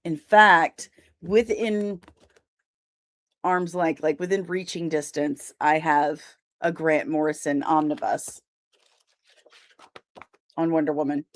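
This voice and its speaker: A woman's voice: deep voice, fairly even intonation, takes it slowly, long pauses. A young woman hosting a casual livestream, chatting and greeting viewers by name, with easy laughs. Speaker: livestream host.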